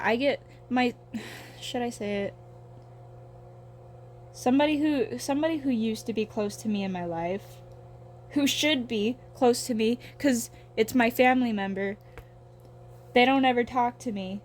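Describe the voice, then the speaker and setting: A young woman with a voice pitched a little high, rambling through a casual monologue as she draws. She swears freely and pokes fun at herself, over a faint hum in the background. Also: unhurried, long pauses. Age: young adult. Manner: rambling, profane, self-deprecating. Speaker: vlogger.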